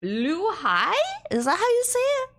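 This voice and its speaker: A young woman with a Canadian accent chats casually on a stream, telling stories in a giggly, animated way. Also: extremely high pitch, measured pace. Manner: giggly, chatty, animated storytelling. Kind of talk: casual chat.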